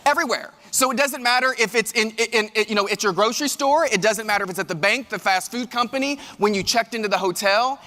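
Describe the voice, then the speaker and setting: Man, motivational keynote, high pitch, lively and direct with the crowd, echoing hall. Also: quick pace, few pauses. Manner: animated, addresses the audience directly. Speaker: keynote speaker and leadership coach. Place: large event hall. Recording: reverberant live hall.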